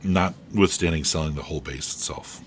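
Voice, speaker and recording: Deep-voiced male game master. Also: moderate pace, slight background noise. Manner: relaxed, describing scenes. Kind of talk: narrating a tabletop game.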